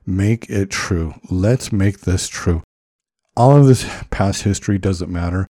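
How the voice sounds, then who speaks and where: A man's voice: low-pitched, a little slow, mellow, no echo, clean studio sound. A man speaking in an earnest, encouraging way about faith, like a reflective podcast talk.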